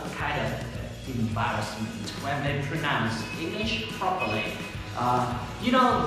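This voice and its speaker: A Vietnamese-accented man gives an English pronunciation lesson, his pitch rising and falling freely as he drills words one by one. He sounds set back from the mic in a long, roomy reverb, with music clearly playing behind him. His pace is unhurried and deliberate. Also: distant mic. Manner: slow, careful, repeats words for drills. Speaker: English teacher.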